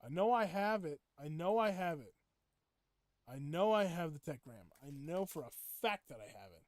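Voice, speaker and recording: A man chatting casually with viewers while playing a game, rambling and breaking into excited outbursts. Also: on the high side, moderate pace, dry recording. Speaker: game streamer. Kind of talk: casual gameplay chat with viewers.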